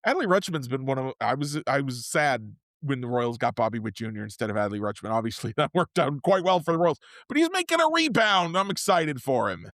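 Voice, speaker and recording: A man co-hosting a casual podcast, his voice sitting at an ordinary middle pitch. He rambles happily and keeps restarting his sentences as he gets excited. The close microphone sounds dry, with no room echo at all. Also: fairly quick, hardly any pauses. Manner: rambling, self-interrupting, excitable. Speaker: podcast co-host. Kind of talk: casual chat.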